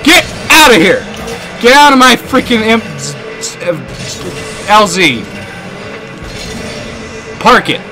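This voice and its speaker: A man streaming a car game, joking and yelling at the game as he plays. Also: high-pitched, over music. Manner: joking, animated, quick to laugh and yell at the game. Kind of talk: casual gaming stream commentary.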